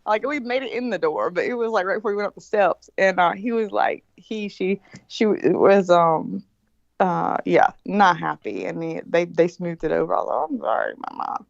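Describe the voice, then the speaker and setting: A woman in her forties rambles through a story with plenty of swearing and animated asides. Her co-host chat comes through a dull, lo-fi line with a dry, close sound. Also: lowish voice, moderate pace, vocal fry, no echo. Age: 40s. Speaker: show producer, co-host.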